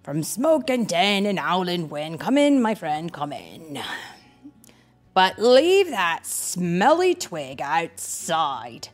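A woman's voice: fairly low pitch, very animated, a little slow, few pauses. A woman voicing a fussy, put-upon male wombat in a picture-book read-aloud, huffing and singing his lines. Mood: huffy. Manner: huffy, sing-song.

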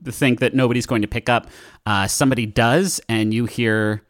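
A man's voice: medium pitch, steady tone, normal speed, no echo, clean studio sound. A man narrating a tabletop game as game master in a casual, filler-heavy way.

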